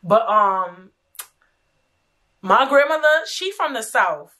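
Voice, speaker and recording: A woman's voice: a little high, expressive, takes it slowly, bright, forceful tone. A young woman hosting a casual talk, telling stories frankly with profanity and lots of repetition. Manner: frank, profane, chatty, repeats herself. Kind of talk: casual storytelling chat.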